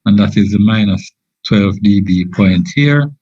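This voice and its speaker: A man giving an informal engineering lecture, halting often with fillers and restarts. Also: fairly low pitch, warm tone, slightly rough, dry recording. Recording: dull lo-fi dry audio.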